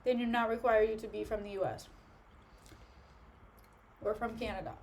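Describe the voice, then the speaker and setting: A woman's voice: a little high, fairly even intonation, normal speed, vocal fry, darkish tone, a little hiss or hum. Chatty young woman streaming at home. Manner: chatty, joking, snacking between remarks. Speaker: livestreamer. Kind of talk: casual live-stream chat with viewers. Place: at home, sitting on the floor.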